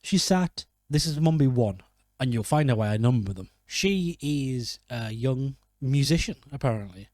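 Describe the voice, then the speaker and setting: A man's voice: mid-range voice, lively intonation, moderate pace, a little mellow, no room sound. A man giving casual film commentary, rambling and joking, often correcting himself mid-sentence. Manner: rambling, jokey, self-correcting. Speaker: film reviewer.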